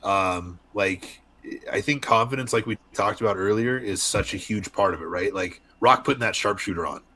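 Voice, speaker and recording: A young man from Arizona, a wrestler, chatting candidly as a podcast guest and telling lively stories. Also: on the low side, normal speed. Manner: candid storyteller, animated voices in anecdotes. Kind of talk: casual podcast interview.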